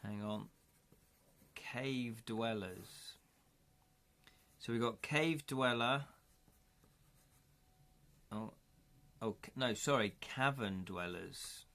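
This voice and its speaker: A man's voice: on the low side, very slow, pauses often, bright, forceful tone. A man chatting casually on a live stream as he plays through a gamebook, thinking aloud and correcting himself as he counts up dice rolls.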